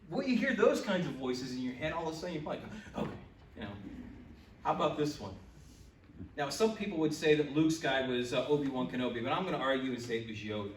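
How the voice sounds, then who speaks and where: A man preaching a sermon as a pastor, lively and building to loud exclamations. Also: medium pitch, brisk. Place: church sanctuary. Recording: echoey church, mic from a distance.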